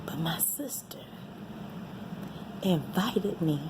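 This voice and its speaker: A woman tells a personal story, repeating herself and often sinking into a breathy whisper. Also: on the low side, expressive, takes it slowly, noisy background. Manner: emotional, repeats phrases, drops to a breathy whisper. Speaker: vlogger sharing a personal testimony.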